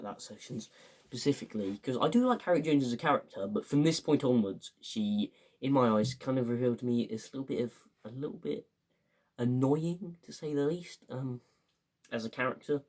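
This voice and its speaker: A man's voice: mid-range voice, darkish tone. A young man, casually reviewing a show and rambling with lots of fillers and enthusiasm. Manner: rambling, filler-heavy, enthusiastic, acts out quotes. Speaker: fan reviewer.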